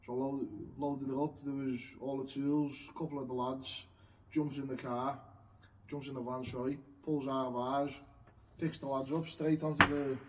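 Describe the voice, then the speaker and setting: A man's voice: medium pitch, flat delivery, moderate pace. A man chatting casually, rambling through anecdotes about getting a boat. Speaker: co-host. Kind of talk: casual chat. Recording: distant mic with faint noise.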